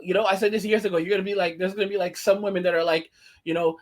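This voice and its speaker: Ranting man with a high voice. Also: steady tone, racing. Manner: indignant, rambling, many restarts. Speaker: commentary channel host. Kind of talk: ranting casual commentary.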